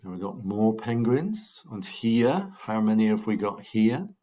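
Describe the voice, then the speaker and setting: A man teaching a recorded German lesson, drilling numbers slowly and patiently with cheerful encouragement to his pupils. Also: on the low side, sing-song, dark tone. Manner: slow, patient drilling with repeated counting. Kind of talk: recorded language lesson for children.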